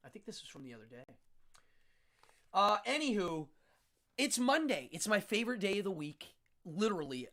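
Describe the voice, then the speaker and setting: A man's voice: a little high, fairly bright tone. A man hosting a live internet show, chatting casually and rambling with frequent laughs. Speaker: host. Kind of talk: casual live-stream chat.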